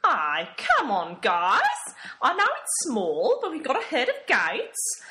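A woman's voice: fairly high pitch, huge pitch swings, takes it slowly, sharp tone, full character voice. A woman playing a flustered charity organizer. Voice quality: flustered, hesitant.

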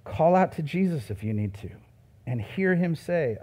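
Middle-aged pastor, man, slightly high voice, casual preaching that swings from loud stresses to quiet asides. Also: expressive, moderate pace. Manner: conversational preaching with shifts between loud emphasis and soft asides. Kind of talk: sermon.

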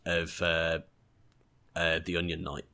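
A man's voice: sits low, completely flat delivery, slow pace, sharp tone, smooth. A man with an English accent chatting on a podcast about a TV episode, enthusiastic and reflective, often searching for his words. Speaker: podcast co-host. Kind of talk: casual chat reviewing a TV episode.

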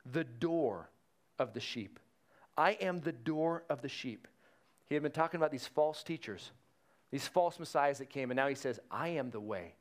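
Guy pastor preaching, fairly high voice, chatty with restarts, slows down on the big lines. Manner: conversational preaching with fillers and restarts, slowing for emphasis. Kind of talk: sermon.

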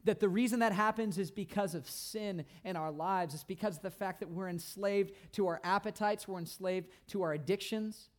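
High-voiced emphatic man preaching a sermon. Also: moderate pace, hardly any pauses. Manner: emphatic, repeats phrases for stress, swings from loud to hushed. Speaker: pastor.

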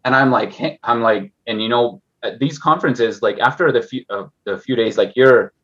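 A man's voice: medium pitch, moderate pace, a bit bright, breathy edge, dull audio. A man talking as a guest on a casual investing podcast, rambling and restarting with many fillers.

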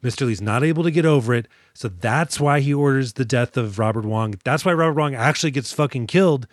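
A man co-hosting a casual movie podcast, animated and profane, sometimes putting on voices for film characters. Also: medium pitch, a little fast, dry recording, studio quality. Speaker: podcast co-host.

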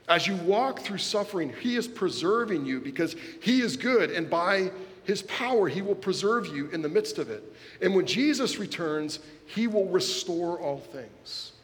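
A man in his thirties preaching a sermon, telling a personal story earnestly and swinging between loud and soft. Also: sits high. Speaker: pastor. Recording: long hall reverb.

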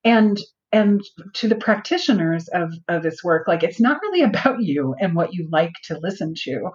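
A woman guest talking earnestly and reflectively, often pausing to find her words. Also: lowish voice, lively intonation, a little mellow, dull audio. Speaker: outreach worker and guest. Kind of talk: conversational interview.

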